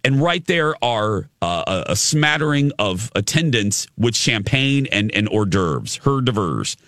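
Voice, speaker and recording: A man telling a story in casual conversation, lively, with frequent restarts. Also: medium pitch, a little slow, dry recording, clean studio sound. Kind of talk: casual anecdote.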